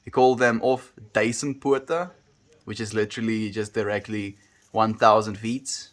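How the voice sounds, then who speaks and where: Speaking at a normal speed in a fairly low voice, a South African man chats casually with viewers on a livestream from his home. He's relaxed and plays around with how words sound.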